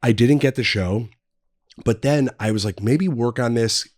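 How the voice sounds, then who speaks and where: A man's voice: medium pitch, moderate pace, no echo, studio quality. A man in his thirties, a podcast guest, telling long anecdotes in casual chat, full of fillers and restarts. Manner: rambling anecdotes with many fillers. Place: podcast studio.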